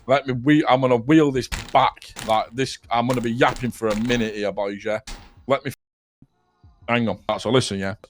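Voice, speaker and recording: A man's voice: medium pitch, steady tone, normal speed, background noise. Laughing young man. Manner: rambling, swears a lot, keeps laughing at his own story. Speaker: roleplay player telling a story. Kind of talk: casual in-character storytelling.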